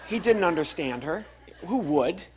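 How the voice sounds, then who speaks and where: A man's voice: high-pitched, measured pace, noisy background. A man doing a stand-up comedy routine, telling a story on stage and acting out the voices of its people. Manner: animated storytelling with acted-out voices. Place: live venue with laughing audience.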